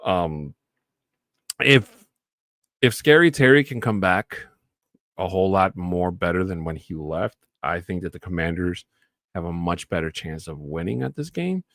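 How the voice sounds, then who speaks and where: Casual, chatty lower-voiced male sports host. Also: animated, measured pace, dry recording, studio quality. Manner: casual and chatty, swells into loud enthusiastic shout-outs. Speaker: sports talk show host. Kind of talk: solo sports talk show with live chat.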